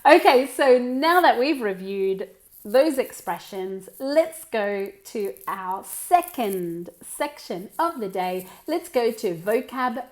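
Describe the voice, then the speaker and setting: An Australian woman leads an online English lesson for Spanish speakers. Her voice sits a little high, and she explains patiently. She keeps checking in with "okay?" and slips into Spanish. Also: lively intonation, slow. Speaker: English teacher.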